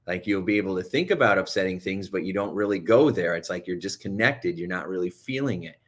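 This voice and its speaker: A man, a hypnotherapy coach, talking fast and urgently as he gives motivational self-help advice on calming anxiety. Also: low-pitched.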